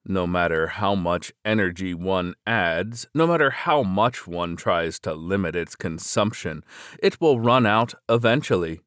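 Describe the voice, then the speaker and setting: A man narrating a web novel in a steady, measured reading voice. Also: low voice, clear, resonant tone, no room sound, studio quality. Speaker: audiobook narrator.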